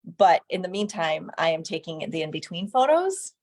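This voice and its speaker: A woman's voice: lowish voice, sing-song, normal speed, darkish tone. Laughing, enthusiastic woman photographer. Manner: enthusiastic, laughs often, acts out quoted voices. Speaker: photographer guest. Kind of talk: casual conversation.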